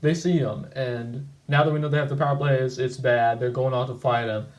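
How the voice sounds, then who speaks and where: A man's voice: medium pitch, steady tone, a little fast, reverberant, poor audio. A man hosting his own video channel, talking through his old comic in a loose, rambling way with lots of fillers and restarts. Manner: rambling, lots of "like" and self-corrections. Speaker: channel host. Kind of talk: casual video commentary.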